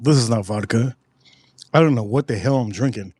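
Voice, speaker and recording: A man hosting a casual live tasting review, excitable and repeating himself for emphasis. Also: mid-range voice, brisk, slight background noise. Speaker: spirits reviewer host.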